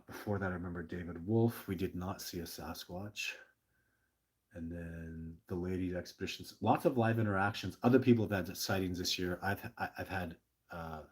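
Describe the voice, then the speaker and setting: A man's voice: low voice, darkish tone, breathy edge. A middle-aged man hosting a casual livestream, rambling passionately with many restarts while reading viewer questions, short on sleep. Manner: rambling, earnest, with many restarts and stammered repeats; passionate and emotional. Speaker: livestream host.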